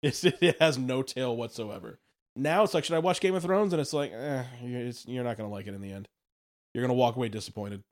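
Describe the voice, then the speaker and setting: A man's voice: mid-range voice, brisk. A man co-hosting a casual talk show, talking animatedly and acting out little quotes. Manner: animated, acts out quoted voices. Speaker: podcast co-host. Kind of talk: casual chat.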